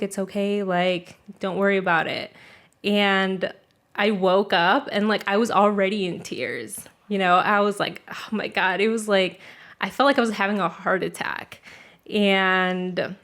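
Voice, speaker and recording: A woman's voice: medium pitch, measured pace, fairly bright tone. A young adult woman telling a story in casual chat, filled with "like" and casual swearing.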